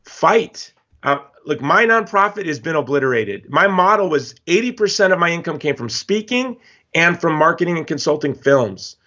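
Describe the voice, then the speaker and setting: A man from Hawaii, a guest in a casual interview, talking in an emphatic, animated storytelling way. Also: a little high, moderate pace. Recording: slightly dull lo-fi audio.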